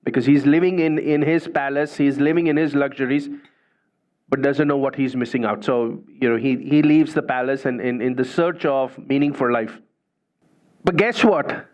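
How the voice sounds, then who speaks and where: Speaking in a steady, slightly mellow mid-range voice at a moderate pace, a male spiritual speaker relates a story in a chatty style, frequently ending phrases with "right" or "you know." The audio sounds dull and lo-fi.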